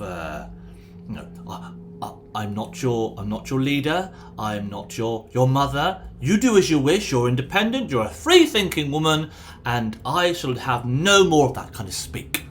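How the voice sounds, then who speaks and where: A man playing a proud, cool-headed woman who speaks in a measured, formal way. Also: medium pitch, slight background noise, lightly acted.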